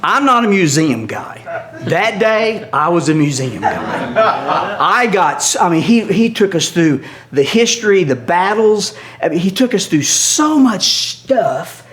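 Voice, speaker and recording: Older male storyteller, lively, laughs a lot, a touch high-pitched. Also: unhurried, crowd noise. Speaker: guest storyteller. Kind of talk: animated storytelling.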